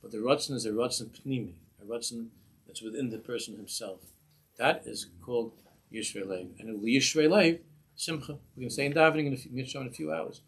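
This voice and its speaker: A rabbi gives his weekly Torah class informally, keeping it lively and humorous, laughing at his own examples and mixing in Hebrew and Yiddish terms. His voice is husky and medium-pitched, and he talks briskly.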